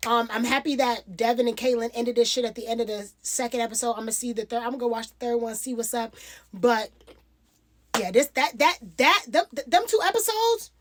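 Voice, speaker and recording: A high-pitched woman talks straight to her audience, recapping reality TV in a loose, opinionated way. She is blunt and swears freely. She repeats herself for emphasis and drops her voice low and firm when she makes a point. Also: fairly quick. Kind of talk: casual opinionated commentary.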